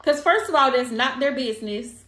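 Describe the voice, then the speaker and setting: Woman, high voice, tarot reader giving casual advice. Blunt and emphatic, repeats her points. Echoey room. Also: normal speed, a bit bright.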